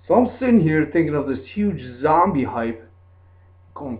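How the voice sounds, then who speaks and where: A man's voice: a little high, sing-song, normal speed. A young man telling a story in a casual, rambling way, full of fillers like "like" and "dude". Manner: rambling, laid-back, lots of "like" and "dude". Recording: tinny lo-fi phone-like sound.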